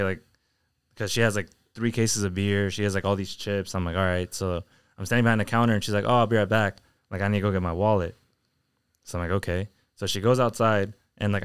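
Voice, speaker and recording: Young male co-host, low-pitched, clear voice; animated, profane storyteller. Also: no echo, studio quality. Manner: animated, heavy swearing, storytelling. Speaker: podcast co-host. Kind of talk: casual chat.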